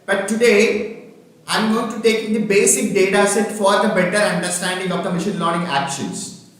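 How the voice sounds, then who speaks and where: A man teaching an online workshop, halting and full of fillers, often checking that he can be heard. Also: high voice, fairly bright tone. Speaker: workshop trainer. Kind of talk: online lecture with screen demonstration. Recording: very echoey room, from far off the mic.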